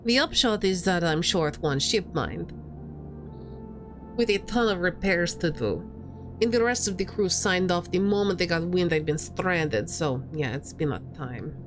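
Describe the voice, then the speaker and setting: A woman doing a gruff Russian-accented ship captain. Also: on the low side, animated, a little slow, music in the background. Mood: weary. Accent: put-on Russian. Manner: gruff, blunt, threatening. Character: tough, imposing female ship captain, short-tempered. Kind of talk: reading game dialogue aloud.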